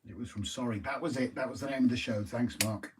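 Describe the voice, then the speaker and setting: A man's voice: mid-range voice, fast talker, a little mellow, slightly rough, far from the mic. A man chatting casually on a live stream, teasing his partner with playful banter. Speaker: streamer co-host.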